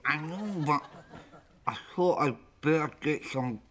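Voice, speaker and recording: A fretful Glaswegian neighbour. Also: male voice, a little high, expressive, measured pace. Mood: sheepish. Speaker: Cotter, a neighbour. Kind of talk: sitcom acting. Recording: noisy TV soundtrack.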